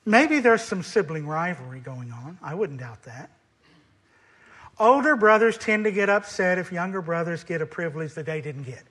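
A man's voice: on the high side, lively intonation, moderate pace, fairly bright tone. A man preaching a sermon on a scripture passage, building emphasis through repetition.

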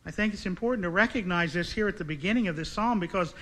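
Man, preacher, sermon, earnest, asks direct questions, high-pitched, bright tone. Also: fast talker.

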